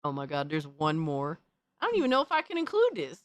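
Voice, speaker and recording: Animated woman streamer, dry close sound. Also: sits low, fairly quick, no room sound. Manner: mock outrage, swears, calls everyone bro. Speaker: streamer host. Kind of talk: casual live-stream reaction chat.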